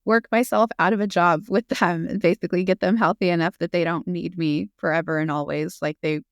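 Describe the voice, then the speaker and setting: A woman in her thirties speaks as a podcast guest in an open, earnest, unscripted way, dropping in "um"s as she goes. Her voice is smooth and resonant, with a gravelly edge. The recording is close and dry. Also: fairly low pitch, fairly even intonation, brisk, no room sound. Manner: earnest and open, with fillers and laughs. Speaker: guest, physician assistant. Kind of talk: casual interview conversation.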